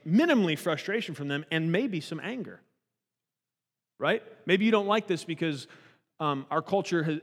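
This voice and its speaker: A fairly high-voiced man in his thirties delivers a sermon in an animated, conversational way. He keeps stumbling and restarting his sentences as he talks. The sound carries a long echo from a big hall. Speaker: pastor.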